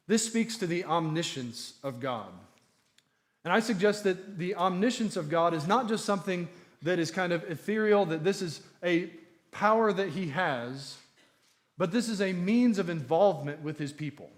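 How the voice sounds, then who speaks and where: A man delivers a Bible study sermon, earnest and emphatic, repeating key phrases to drive them home. His voice sits a little on the higher side for a man. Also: expressive, normal speed. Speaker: preacher.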